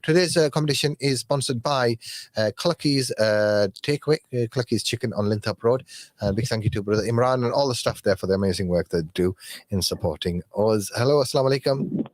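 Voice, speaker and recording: A man's voice: mid-range voice, dry recording. Joking male radio host, dry studio sound. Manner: joking, halting with many fillers. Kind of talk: casual live radio chat.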